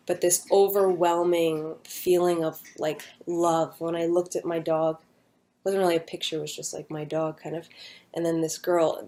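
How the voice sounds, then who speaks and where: A young woman casually recounting a personal near-death story, rambling with many fillers and an earnest, hushed manner. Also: on the low side.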